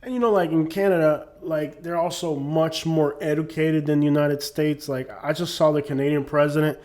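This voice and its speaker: Male YouTuber, pitch a touch high, casual rambling monologue full of fillers. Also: fairly even intonation, moderate pace, a little mellow. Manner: rambling, many "you know what I'm saying" fillers.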